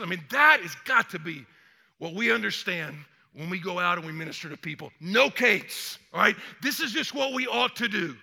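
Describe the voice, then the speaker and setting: Older male pastor, bright high voice, lively conversational sermon with long room reverb. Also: moderate pace, creaky. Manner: energetic, conversational, acts out quotes. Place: church sanctuary.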